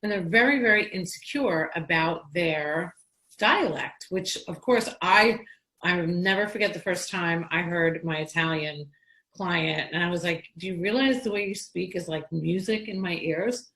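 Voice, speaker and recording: A woman's voice: lowish voice, normal speed, fairly bright tone, rough recording. A woman from Long Island, New York, hosting a casual interview, chatty and telling stories with frequent restarts. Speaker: podcast host.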